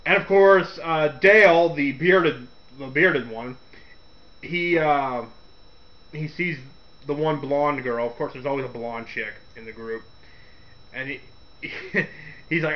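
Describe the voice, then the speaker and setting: A man hosting a radio segment, giving a casual, rambling movie review with frequent laughs and quick character impressions. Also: on the high side, muffled recording. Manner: rambling, laughs often, acts out quotes in character voices.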